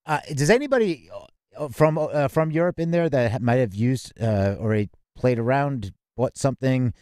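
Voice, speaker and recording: A man in the middle of the pitch range hosts a casual music news show. He reads headlines and then drifts into loose, filler-heavy commentary. The sound is dry and close. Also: a little mellow, no room sound. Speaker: podcast host. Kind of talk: casual industry news chat.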